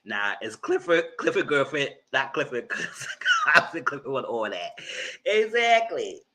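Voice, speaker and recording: Guy reviewing reality tv live, fairly high voice, cussing and clowning on the cast. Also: unhurried, rough recording. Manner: animated, swearing, mocking people on the show. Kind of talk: live commentary.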